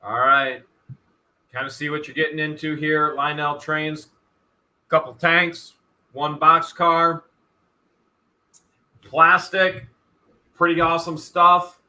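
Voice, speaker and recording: A man's voice: a little high, level tone, slow pace, long pauses, pushed and bright. A man hosting a live stream auction, talking straight to chat viewers with lots of energy and some repeating of himself. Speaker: host of an online storage auction stream.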